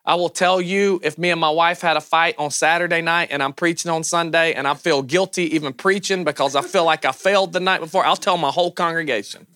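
Bright-voiced Southern pastor preaching. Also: male voice, a little high, a little fast, hardly any pauses, clear, resonant tone, no echo, studio quality. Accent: Southern American. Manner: loud, animated, self-deprecating preaching. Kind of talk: sermon.

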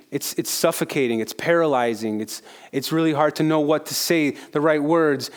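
A man's voice: medium pitch, clean tone. A male pastor preaching a sermon in a conversational way, repeating phrases for emphasis.

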